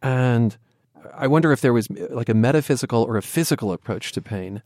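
A man hosting a radio interview, asking calm, curious questions and introducing segments. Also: medium pitch, a little fast, dry recording, clean studio sound. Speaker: radio host.

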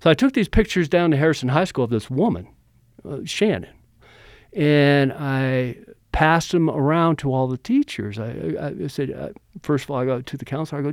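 A man's voice: medium pitch, normal speed, dry recording, clean studio sound. A middle-aged man casually telling a story from his own life, acting out the quoted lines as he goes. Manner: animated, acts out quotes. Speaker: interviewee, former bodyguard.

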